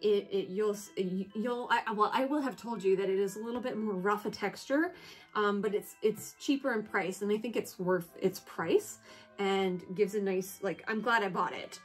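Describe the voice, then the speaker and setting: A woman chatting casually through a product haul, gushing and excitable, often breaking into squeals of delight and correcting herself mid-sentence. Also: mid-range voice, normal speed, slightly rough, soft background music. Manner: chatty with self-corrections and asides. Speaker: home and collectibles vlogger.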